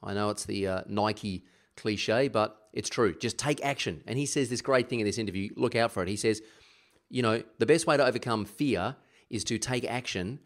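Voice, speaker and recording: A fairly low-pitched man hosting a podcast and talking straight to his listeners. He is energetic and plain-spoken, and his voice lifts often as he pushes an idea. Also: moderate pace. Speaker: podcast host. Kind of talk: podcast intro monologue.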